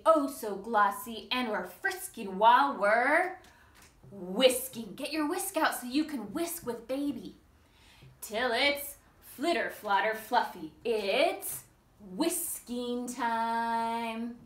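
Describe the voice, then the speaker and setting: Female storytime reader, slow sing-song delivery, coaxing little kids to join in; slightly high voice. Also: expressive. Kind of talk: reading a picture book aloud to young children. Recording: echoey room, mic at a distance.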